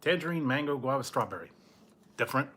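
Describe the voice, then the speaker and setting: A man's voice: mid-range voice, lively intonation, fast talker, background noise. A man reviewing snacks in a laid-back, casual way, chuckling often and trailing off mid-sentence. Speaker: food review vlogger.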